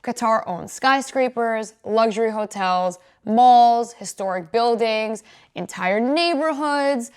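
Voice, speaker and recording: A young woman hosts her show, delivering scripted commentary with a sassy, opinionated edge. Her delivery is quick and brash, landing each point with attitude. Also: on the high side, clear, resonant tone. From New York. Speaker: host.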